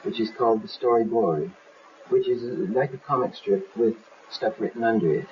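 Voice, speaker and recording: A man's voice: on the low side, normal speed. A man animatedly explaining his film in an interview, acting out scenes as he goes. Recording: muffled, slightly hissy archive tape.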